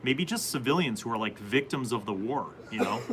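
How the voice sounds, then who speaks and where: A man's voice: medium pitch, animated, normal speed, background noise. A man hosting a casual live stream, reading viewer comments and rambling through answers about tabletop games.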